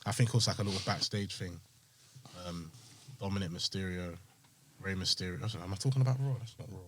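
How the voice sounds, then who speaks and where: A man co-hosting a casual wrestling podcast, animated and breaking into loud bursts. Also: sits low, fairly quick. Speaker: podcast co-host. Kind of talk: casual chat.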